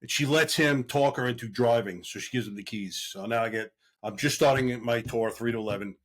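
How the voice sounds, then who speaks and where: A man's voice: medium pitch, a little fast. A middle-aged man, a veteran police officer, telling stories in casual conversation and acting out the voices of the people in them. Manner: animated storyteller who acts out quoted voices. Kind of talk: casual storytelling.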